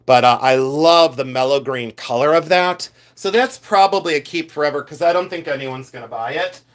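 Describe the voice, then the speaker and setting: Showing his finds on a live reseller stream, this middle-aged host chats animatedly and reads viewer comments out loud. He speaks at a moderate pace with a fairly high pitch. Now and then he imitates shouting collectors to get a laugh.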